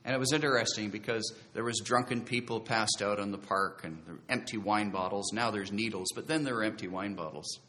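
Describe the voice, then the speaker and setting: A man's voice: on the low side, brisk, hardly any pauses, bright, forceful tone. A man preaching a sermon, telling his own conversion story in an earnest, conversational way and drawing out key phrases for emphasis. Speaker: preacher giving his testimony.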